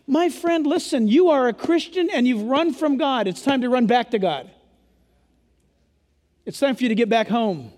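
A male pastor preaching an impassioned, emphatic sermon to a church, at times yelling. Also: very high voice, expressive, moderate pace. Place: church sanctuary. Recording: long hall reverb.

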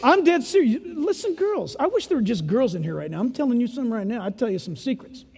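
Older preacher guy, high voice, punchy folksy sermon, long echo in a big church. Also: sing-song, fast. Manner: emphatic, punchy, folksy, swings from loud to hushed. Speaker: pastor. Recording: echoey hall reverb.

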